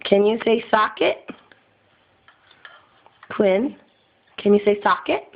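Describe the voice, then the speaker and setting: A woman's voice: mid-range voice, expressive, takes it slowly, vocal fry. A woman, a parent, patiently coaxing her toddler to name things in a home video. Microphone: phone camera. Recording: dull lo-fi phone audio.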